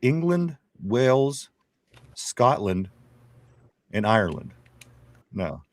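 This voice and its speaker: A man co-hosting a live sports stream, reading viewer comments aloud in a casual, joking and animated way. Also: lowish voice, takes it slowly, no echo.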